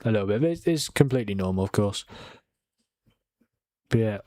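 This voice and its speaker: A man's voice: fairly low pitch, lively intonation, a little fast, warm tone, no echo. A young man chatting casually on a live football watchalong stream, a little tired, swearing now and then and reading out viewer comments. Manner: chatty, swears, laughs, reads out viewer chat. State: tired from a long night of watching.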